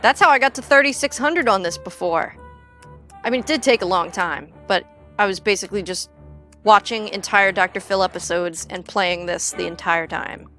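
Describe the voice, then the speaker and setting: A woman's voice: mid-range voice, moderate pace, fairly bright tone, faint music behind. A young woman chatting casually on a gaming livestream, rambling and joking with frequent swearing. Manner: rambling, jokey, swears freely. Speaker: streamer.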